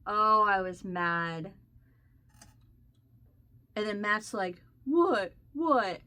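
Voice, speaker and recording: Bright-voiced woman chatting casually. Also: medium pitch, very slow, clear, resonant tone. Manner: rambling and animated, with restarts and laughs. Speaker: crochet vlogger. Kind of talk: casual storytelling chat.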